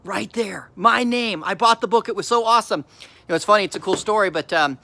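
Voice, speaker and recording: Um homem dá uma palestra motivacional sincera e emotiva, contando sua história com frases que recomeça e repete. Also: male voice, high voice, a little fast, gravelly, pushed and bright, no echo. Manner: earnest and emotional, with repeated restarts. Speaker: host. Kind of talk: motivational talk.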